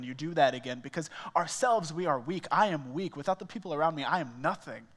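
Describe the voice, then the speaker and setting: A young man preaching a sermon as a small groups pastor, telling stories in a conversational, self-mocking way. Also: fairly high pitch. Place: church auditorium. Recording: reverberant church hall.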